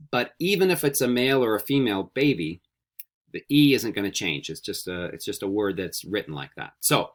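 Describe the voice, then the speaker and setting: A man teaching a Spanish vocabulary lesson, repeating each word slowly and coaxing students with friendly questions. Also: on the low side. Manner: slow, carefully repeated word drills. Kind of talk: recorded classroom vocabulary lesson.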